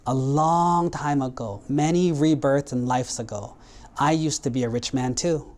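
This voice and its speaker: A monk voicing a talking goat in a storytelling sermon, low and earnest as it recounts its past lives. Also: male voice, measured pace, a little mellow, natural voice. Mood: solemn. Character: wise talking goat, old soul, sorrowful.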